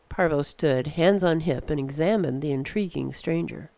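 A narrator reading a story in a steady, measured way. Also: medium pitch, gravelly, no room sound. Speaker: audiobook narrator.

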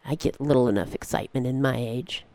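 A narrator voicing a calm, mysterious old woman who has travelled space, speaking in an unhurried, cryptic way. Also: mid-range voice, no echo, pitched below the performer's own voice, close to an everyday voice.

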